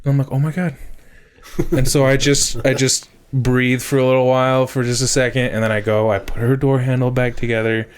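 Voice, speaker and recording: A man, a podcast co-host in his thirties, telling a story in casual chat, swearing a lot and getting loud as it builds. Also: mid-range voice, fairly quick, hardly any pauses, smooth. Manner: animated storyteller, swears often, rising to shouts.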